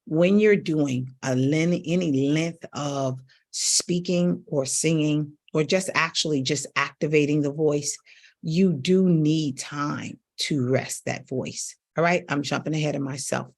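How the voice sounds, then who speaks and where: A middle-aged woman coaches her viewers on the voice in an emphatic, direct way. Her tone is husky and a little breathy. She stresses her points by jumping sharply higher in pitch. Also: unhurried. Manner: emphatic, addresses audience directly with big pitch leaps. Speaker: vocal coach. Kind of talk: coaching talk to camera.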